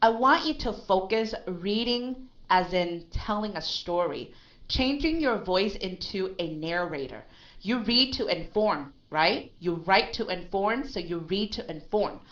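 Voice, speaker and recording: A woman's voice: medium pitch, expressive, unhurried, a bit bright, lo-fi sound. A woman teaching English one-on-one, emphatic and always checking with "right?". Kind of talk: one-on-one language lesson.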